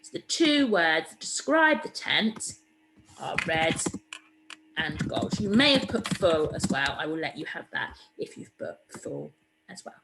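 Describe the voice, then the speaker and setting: Woman teacher, recorded reading lesson, encouraging, lowish voice. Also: big pitch swings, measured pace, gravelly, background noise. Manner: encouraging, explains step by step. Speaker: primary school teacher.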